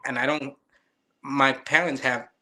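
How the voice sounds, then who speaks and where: A man's voice: mid-range voice, steady tone, a little slow, bright, forceful tone. A man in his fifties whose first language is Lao, speaking earnest, slightly non-native English in a casual chat. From Thailand. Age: 50s.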